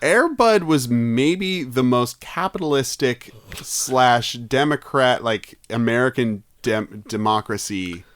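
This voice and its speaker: A man's voice: medium pitch, animated, slow, no room sound, studio quality. A man co-hosting a comedy podcast, playful and laughing, hamming up his jokes. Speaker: podcast co-host. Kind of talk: casual comedic banter.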